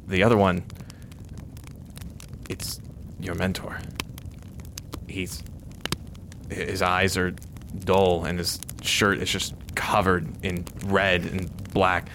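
Deep-voiced man narrating a tabletop game. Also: a bit bright. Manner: vivid, suspenseful storytelling with pauses. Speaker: game master. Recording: noticeable background noise.

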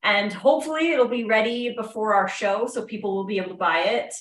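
A woman guest on a cooking show, calmly explaining her recipes step by step. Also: mid-range voice, a little fast, roomy sound, recorded from a distance, slight background noise. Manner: explanatory, precise about steps. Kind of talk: casual chat.

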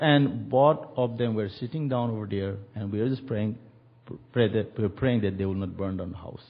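A man's voice: lowish voice, moderate pace, creaky, lo-fi sound. A man preaching a sermon and telling a story, acting out the quoted voices with animation.

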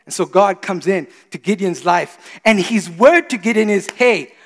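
A man in his thirties preaching a sermon, animated, swinging between quiet confiding asides and loud exclamations. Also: high voice, moderate pace. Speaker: pastor. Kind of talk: sermon with storytelling. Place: church. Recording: reverberant church hall.

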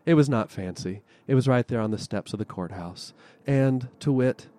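A male storyteller telling a folk tale live at a festival, lively and expressive, with dramatic pauses. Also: medium pitch.

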